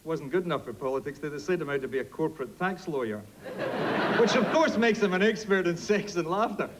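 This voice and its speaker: A man's voice: on the high side, lively intonation, brisk. Scottish man joking from a stage, heavy noise. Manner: jokey, punchy delivery. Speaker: debater, politician. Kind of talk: comic debate speech. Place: theatre stage before an audience.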